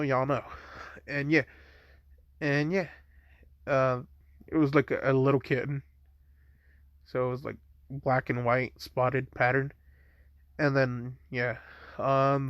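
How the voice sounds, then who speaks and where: Young guy rambling thru a fan story, slow, tons of "like", dry close mic. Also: medium pitch, no room sound. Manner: rambling, heavy "like" and "type shit" fillers. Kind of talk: casual improvised fan-story retelling.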